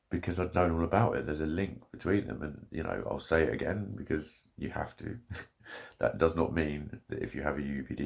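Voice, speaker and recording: Low gravelly man, sweary rant. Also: darkish tone. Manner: heavy swearing, angry ranting. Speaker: vlogger. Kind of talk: ranting monologue.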